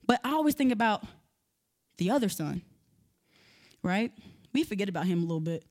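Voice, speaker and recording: A woman's voice: medium pitch, expressive, a little fast, a little mellow. A woman preaching a sermon in a conversational way, building to emphatic, rising passages.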